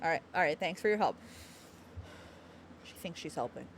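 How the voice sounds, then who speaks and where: A woman's voice: sits low, animated, moderate pace, vocal fry, a little hiss or hum. A woman streaming from home in casual live-stream chat, giggly and rambling as she talks to her chat.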